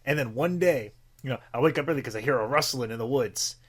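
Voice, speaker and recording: A man's voice: mid-range voice, fast talker. Young guy on a podcast, rambly, says like a lot, swears, regular voice. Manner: rambling, lots of filler words and swearing. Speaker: podcast co-host. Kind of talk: casual podcast chat.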